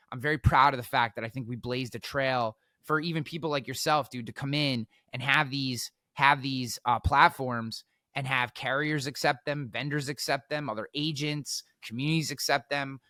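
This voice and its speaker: A man telling stories as a podcast guest, energetic, repeating words and acting out quotes. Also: mid-range voice, no echo, studio quality. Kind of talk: animated storytelling.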